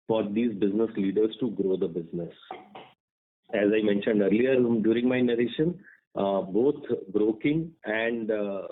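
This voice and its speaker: Male executive, slow and hesitant on a conference call, phone-line sound. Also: on the low side. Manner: hesitant, many fillers. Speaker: company executive on earnings call.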